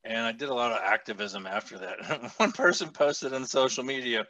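A man hosting a casual podcast, profane and animated, who laughs often and acts out the people he quotes. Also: mid-range voice, moderate pace, vocal fry, no echo. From a big US city. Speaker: podcast host.

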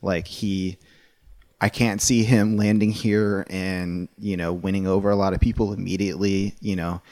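A man's voice: low-pitched, normal speed, no room sound. Opinionated man talking college football, dry sound. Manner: animated, opinionated, rambling with restarts. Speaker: sports podcast co-host. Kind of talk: casual sports talk.

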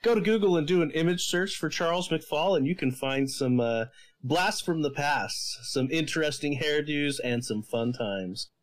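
A man's voice: on the high side, moderate pace, rough recording. Hesitant male podcast co-host. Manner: hesitant, full of fillers. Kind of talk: casual podcast chat.

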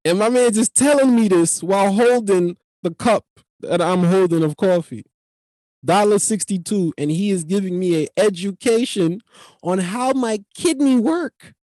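A man's voice: sits high, dry recording, clean studio sound. Profane New man telling stories. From New York. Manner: profane, animated, rambling. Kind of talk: comic storytelling monologue.

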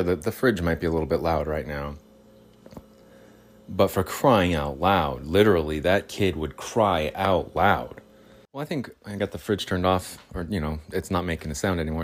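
A deep-voiced man hosts his podcast alone from a makeshift room at home. He talks casually, rambling from one tangent to the next and joking as he goes. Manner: rambling, jokey asides, voices his cats' imagined plotting. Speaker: podcast host. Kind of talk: casual solo podcast monologue. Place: makeshift break room at home, fridge and cats nearby.

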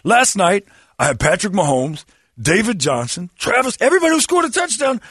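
A bragging, chatty retired football star, impersonated by a man, delivering dark jokes deadpan. His husky, gravelly voice jumps around in pitch. The sound is close and dry. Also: brisk, dry recording, exaggerated voice. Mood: boastful. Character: impression of a middle-aged male retired football star, boastful.

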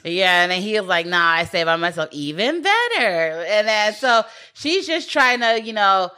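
A woman's voice: mid-range voice, big pitch swings, normal speed, bright, forceful tone, clean tone. A woman casually retelling a film's plot in a rambling way, full of fillers and quoted lines. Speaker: co-host recapping a film. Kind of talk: casual chat.

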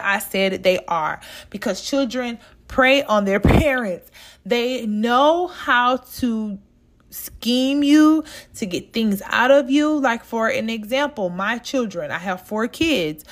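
A woman from the States, hosting a casual podcast monologue and talking straight to her listeners. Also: mid-range voice. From Southern United States. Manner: chatty and direct, talks straight to listeners as "y'all". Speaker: podcast host.

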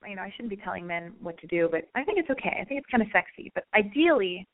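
A woman's voice: medium pitch, big pitch swings, fast talker. A chatty, brash woman hosting a podcast, telling a story in a casual monologue. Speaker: podcast host. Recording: narrow phone-like sound.

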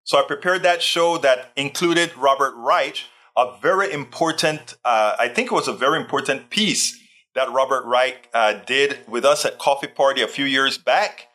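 A man's voice: mid-range voice, normal speed, sharp tone. A man hosting a casual live stream, chatting in a rambling way and reading out viewer comments. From Texas. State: tired, sore back. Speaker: livestream host.

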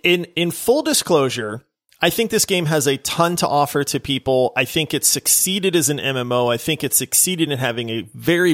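A man's voice: medium pitch, fairly bright tone. A man with a mid-range voice co-hosts a casual gaming podcast. He talks in long, eager explanations and keeps the conversation moving. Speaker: podcast co-host.

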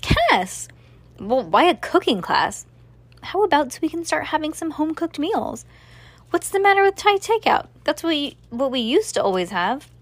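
A woman voicing an excitable, fussy middle-aged mother in a read-aloud story, high and gushing. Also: normal speed, no echo. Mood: exasperated.

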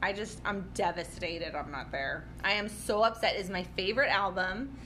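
Female co-host, excitable and chatty, crisp bright tone, faint background hum. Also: mid-range voice, moderate pace. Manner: gushing, laughs often, excitable. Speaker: podcast co-host. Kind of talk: casual chat.

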